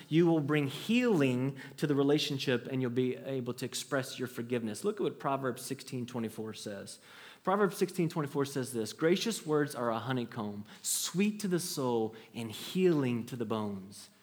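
A man in his thirties preaching a sermon to a congregation, earnest and conversational, with frequent restarts. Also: medium pitch. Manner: earnest, storytelling with acted quotes, conversational restarts. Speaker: pastor.

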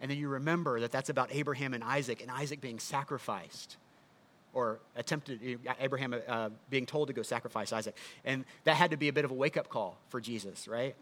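A man's voice: mid-range voice, brisk, fairly bright tone. A man preaching a sermon in a conversational teaching manner, often asking the listeners rhetorical questions. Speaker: pastor.

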